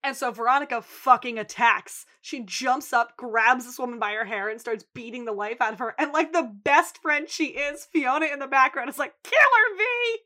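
A woman's voice: on the high side, normal speed, few pauses. A woman co-hosting a podcast, recapping an episode in casual chat and acting out the quotes. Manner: animated storytelling, acts out quotes. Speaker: podcast co-host.

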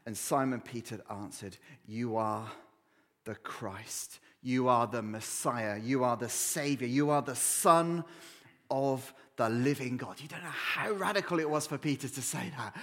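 A man preaching a sermon in church, with dramatic pauses and dropping to a low hush on key words. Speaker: pastor.

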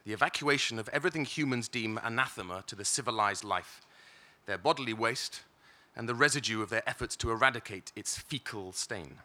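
A British man reading first-person literary fiction aloud in a wry, measured way, with occasional stumbles. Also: medium pitch, sharp tone. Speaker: reader.

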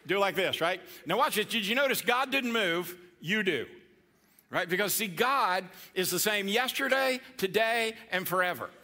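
Playful bright-voiced pastor. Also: male voice, high voice. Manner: playful, coaxing the congregation to respond. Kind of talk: interactive sermon. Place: church before a congregation.

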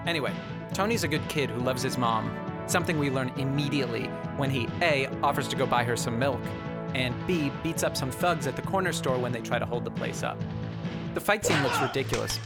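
A man reviews a bad movie with dry sarcasm. His voice has a gravelly edge, and music plays steadily underneath. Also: mid-range voice. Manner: wry, sarcastic. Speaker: film reviewer. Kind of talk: comedic video review narration.

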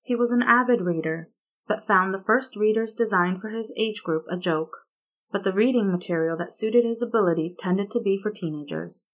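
A woman narrating a story in a steady, even reading voice. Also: medium pitch, moderate pace. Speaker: fan fiction reader.

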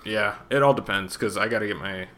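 A man co-hosting a podcast in relaxed casual chat, chuckling often. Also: lowish voice, fairly quick, slight background noise. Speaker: podcast co-host.

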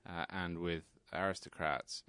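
Deep-voiced Englishman with received pronunciation. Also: fairly even intonation, pushed and bright, clean tone, dry recording. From England. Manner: measured, explanatory, articulate. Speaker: guest co-host. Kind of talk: radio talk show discussion.

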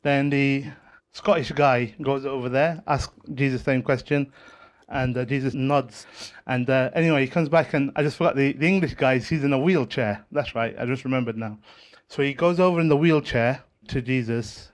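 A man's voice: mid-range voice, normal speed. A man telling a joke in casual chat, rambling and correcting himself as he goes. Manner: rambling, self-correcting storyteller.

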